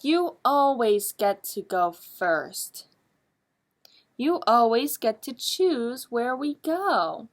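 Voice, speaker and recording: A woman voicing a sulky, hurt little male shadow in a storybook read-aloud, with a slow, plaintive delivery. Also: high-pitched, very animated, voice pushed up.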